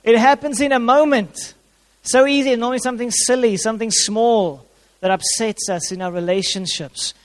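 Man preaching, high voice. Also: steady tone, normal speed. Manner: repeats key phrases for emphasis, uses props. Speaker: pastor. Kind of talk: sermon. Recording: long hall reverb.

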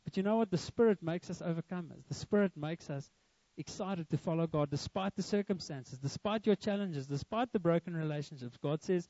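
A man's voice: a little high, brisk, mellow, dry recording, dull audio. A young man preaching a sermon, earnest and emphatic, with a lot of repetition. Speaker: pastor.

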